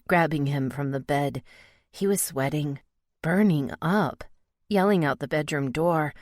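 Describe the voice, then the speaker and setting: A woman narrating a romance audiobook in the first person, expressive in the dialogue. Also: deep voice, measured pace, no room sound, studio quality.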